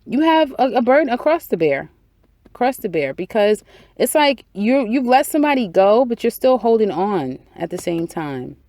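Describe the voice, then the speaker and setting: A woman's voice: a little high, very animated, normal speed, darkish tone, no room sound. A woman giving a casual weekly tarot reading, chatty and repetitive, acting out people's inner thoughts. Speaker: tarot reader.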